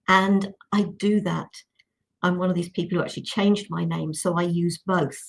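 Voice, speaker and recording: A woman guest on a panel discussion, giving gentle, soothing instructions. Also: on the low side, fairly even intonation, moderate pace, gravelly.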